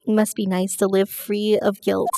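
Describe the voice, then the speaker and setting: Woman reading a wry young male lawyer, dry delivery, gravelly, noisy mic. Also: medium pitch, flat delivery, normal speed, natural voice.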